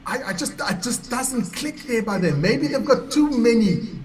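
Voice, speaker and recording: Measured man with a high voice. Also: animated, a little mellow, a little hiss or hum. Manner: measured, hesitant, with fillers. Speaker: rugby show co-host. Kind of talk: casual chat.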